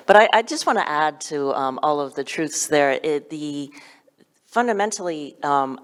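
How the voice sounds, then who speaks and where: A woman on a panel, talking quickly with many filler sounds. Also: sits low, lively intonation, smooth, long reverb tail. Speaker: panel speaker. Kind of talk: panel discussion.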